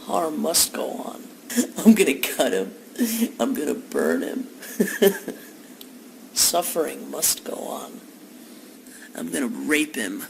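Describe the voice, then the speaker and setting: A woman's voice: low voice, vocal fry, a little hiss or hum, pitched below the performer's own voice, exaggerated voice, poor audio. Woman doing a cackling sadistic villain. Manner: cackling, slow and menacing. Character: gloating sadistic villain, servant of the DNA.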